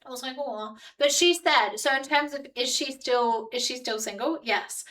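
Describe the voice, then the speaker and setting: A young woman with a blended Australian and New Zealand accent talks with her stream chat in a bright, slightly high voice. She rambles and laughs, filling gaps with lots of "um" and "like". Her voice sits a little back from the mic. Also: normal speed, far from the mic, poor audio. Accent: Australian and New Zealand mix. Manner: chatty, rambling, frequent fillers and laughs. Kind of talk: casual live-stream chat with viewers.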